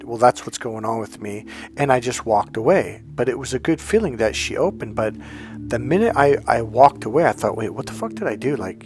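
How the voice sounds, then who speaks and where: Speaking in an ordinary mid-range voice, a middle-aged man coaches his viewers through a relaxed monologue. He shares his own experiences bluntly and candidly, with plenty of swearing along the way.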